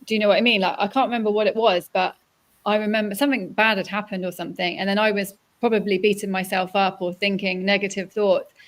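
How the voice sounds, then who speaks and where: A woman's voice: mid-range voice, fairly even intonation, fast talker. A woman hosting a conversational interview, chatty and reflective. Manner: chatty, reflective, laughs easily. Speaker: podcast host.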